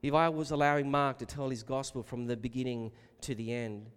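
A man preaching a sermon, emphatic and rhetorical, calling his listeners beloved and building to loud repeated questions. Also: mid-range voice, little pitch movement, brisk, clean tone. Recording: long reverb of a large hall.

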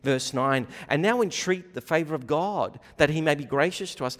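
A man preaching with a fairly high voice, his words trailing off into the long reverb of a church hall. He shifts from loud emphatic lines to quiet, intimate asides, and acts out the voices he quotes. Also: normal speed, hardly any pauses. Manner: animated, acts out quoted voices, rising and falling loudness. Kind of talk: sermon.

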